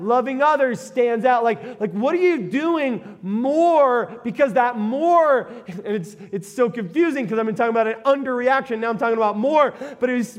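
High-voiced folksy pastor preaching. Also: male voice. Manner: folksy, storytelling, animated asides. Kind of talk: sermon. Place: church sanctuary.

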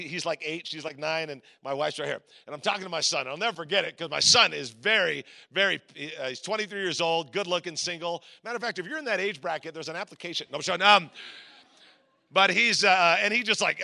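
Male pastor, 40s, gravelly and very bright; lively storyteller who acts out voices and breaks into shouts. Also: on the high side. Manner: animated storyteller acting out voices, sudden shouts. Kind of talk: storytelling sermon.

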